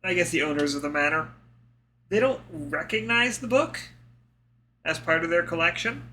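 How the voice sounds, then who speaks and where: Bright-voiced male game master. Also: fairly high pitch, normal speed, slight background noise. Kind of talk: narrating a tabletop game.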